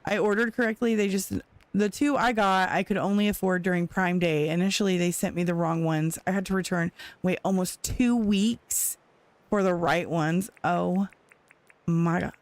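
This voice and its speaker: Her voice on the low side and her speed normal, a woman streamer laughs a lot as she animatedly retells a story to viewers during a gaming session. There's no echo on the audio.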